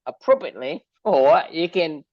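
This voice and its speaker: Lively low-voiced woman, dull sound. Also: moderate pace, no room sound. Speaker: podcast co-host. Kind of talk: casual podcast chat.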